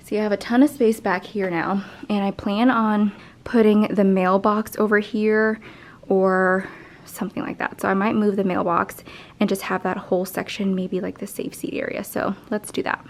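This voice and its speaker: A woman's voice: medium pitch, flat delivery, moderate pace. A young woman teacher in her twenties, out of breath, casually thinking aloud as she rearranges an empty classroom. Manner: thinks aloud while rearranging, chatty with fillers. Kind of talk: casual vlog narration.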